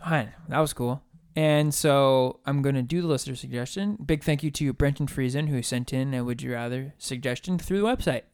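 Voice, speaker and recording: A man's voice: medium pitch, fairly quick, few pauses, darkish tone, smooth. A man co-hosting a casual podcast, jokey and laughing often, playing up being stressed. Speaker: podcast co-host. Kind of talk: casual chat.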